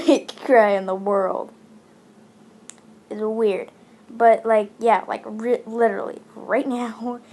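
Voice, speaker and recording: A woman's voice: a little high, a little mellow. A woman from India chatting casually as she comments on a game, rambling with many fillers. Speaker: gaming channel host.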